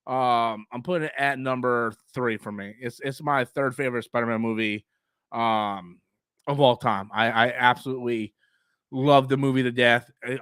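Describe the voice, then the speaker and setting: A man's voice: medium pitch, a bit bright, smooth, dry recording. Profane heated male streamer, dry sound. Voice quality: coughs often. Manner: heated, profane, mouth-breathing. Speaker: live stream host. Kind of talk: casual live stream rant.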